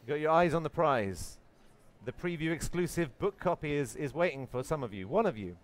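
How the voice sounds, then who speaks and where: A man hosting a live masterclass for an audience, playful and quick to tease. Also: animated. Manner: playful, puts on a booming movie trailer voice. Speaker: workshop host. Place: event hall with an audience.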